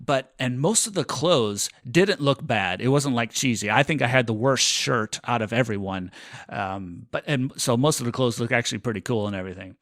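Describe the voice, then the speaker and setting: A man's voice: mid-range voice, lively intonation, normal speed, a bit bright, no echo. Man, podcast co-host, casual storytelling, rambling and self-mocking, dry close sound.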